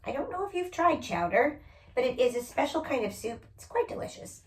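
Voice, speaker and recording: A woman's voice: high-pitched, expressive, brisk, roomy sound. A woman teacher giving a spelling lesson to children, patiently sounding out each word letter by letter.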